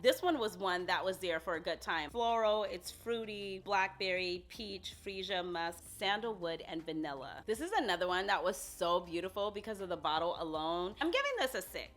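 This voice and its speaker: A woman's voice: fairly low pitch, a bit bright. A woman reviewing fragrances in a casual vlog, gushing and talking straight to her viewers.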